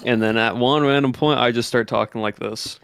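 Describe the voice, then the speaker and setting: A man's voice: medium pitch, fairly quick, clear, resonant tone. Rambling man, drawled Southern put-on voice. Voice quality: compressed, fairly monotone sound on his mic. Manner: rambling, many fillers, explains things loosely. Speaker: streamer. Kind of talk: casual stream chat. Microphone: desk microphone with built-in compression.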